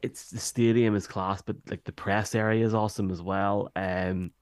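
A man's voice: fairly low pitch, fairly even intonation, normal speed, a little mellow, no echo, clean studio sound. An Irish man, a podcast guest, chatting enthusiastically in a rambling way with many restarts. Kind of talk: casual chat.

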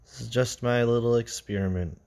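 A man hosting an unscripted podcast, reading stories and musing casually, his voice sinking low and quiet at the ends of phrases. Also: steady tone, normal speed, gravelly. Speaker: podcast host.

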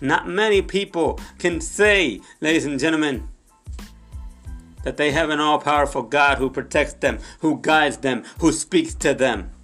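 A young man with a slightly high voice preaches with fervor, hammering repeated phrases at his listeners. Now and then he sinks into a soft, hushed prayer. Faint music plays underneath. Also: unhurried. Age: young adult. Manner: impassioned, repeats phrases, addresses audience often; drops to soft low prayer in Spanish. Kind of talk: sermon.

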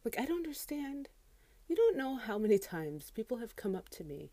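A woman's voice: on the high side, very animated, normal speed, warm tone, no echo. A woman who works as a grocery cashier, ranting casually about customers from inside a closet, exasperated and incredulous and swearing freely.

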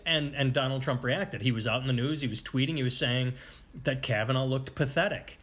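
A man's voice: mid-range voice, fairly quick, fairly bright tone. Frustrated man ranting about politics. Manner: frustrated, rambling with restarts. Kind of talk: casual political chat.

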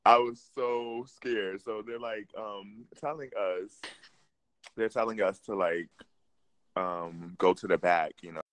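A young man telling a funny story in casual chat, animated and slangy, often breaking into laughter. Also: on the low side, slow pace. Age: young adult.

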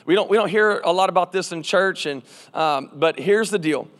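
A pastor with a high voice preaches to his congregation, drifting into a personal story and calling for shouted responses. His voice rings with the long reverb of a large church hall. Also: moderate pace. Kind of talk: sermon.

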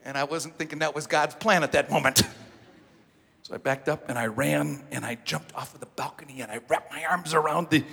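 A male pastor telling a story from the pulpit in an animated, self-mocking manner, with a breathy voice in a large hall. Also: fairly high pitch. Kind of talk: sermon storytelling.

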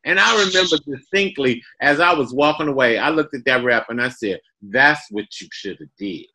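Brief: expressive man with a bright, lively voice, casual storyteller. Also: a little fast. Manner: expressive, acts out quotes with big pitch swings.

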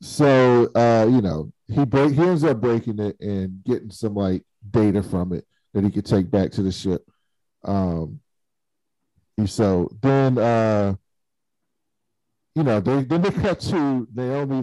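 Mellow-voiced man animatedly recapping a show. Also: medium pitch, a little slow, dry recording, poor audio. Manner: animated retelling, acting out characters' lines. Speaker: podcast co-host recapping a TV episode. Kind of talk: casual chat.

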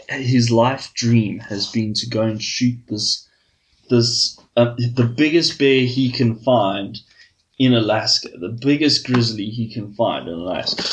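A man's voice: mid-range voice, noisy background. A man on a podcast telling a long crude joke, swearing freely and padding it with fillers. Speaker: podcast host.

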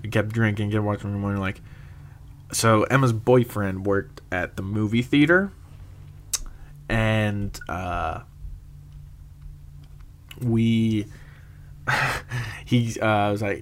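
A young man telling a rambling, casual story, laughing often and filling pauses with "uh" and "um". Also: on the low side.

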